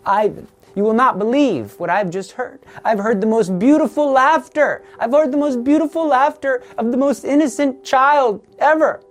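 A man voicing a tearful, devout middle-aged immigrant mother with a raised, eager, breathless pitch. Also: normal speed. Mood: awestruck.

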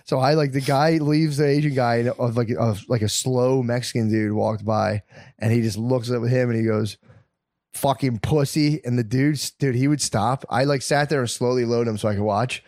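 A man's voice: mid-range voice, a little fast, dry recording, clean studio sound. A man chatting casually, telling crude stories with lots of swearing and laughter. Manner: excitable, laughs often, swears a lot. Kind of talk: casual chat, crude storytelling.

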